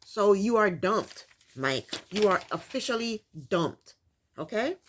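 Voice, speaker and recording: Animated woman recapping with disbelief. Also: mid-range voice, takes it slowly, a little hiss or hum. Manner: incredulous, repeats points for emphasis. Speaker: reality TV recap host. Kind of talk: casual recap commentary.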